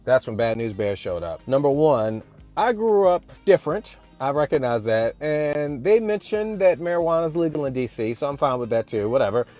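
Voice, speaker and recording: A man vlogging, telling a story casually in a slangy, animated way. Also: mid-range voice, moderate pace, faint music behind. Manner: animated, slangy, acts out quotes.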